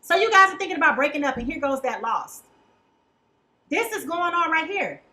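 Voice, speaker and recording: A woman's voice: high voice, big pitch swings, normal speed, pushed and bright, rough recording. A woman giving a casual tarot reading, chatty and colloquial, who keeps checking in with "okay?". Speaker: tarot reader.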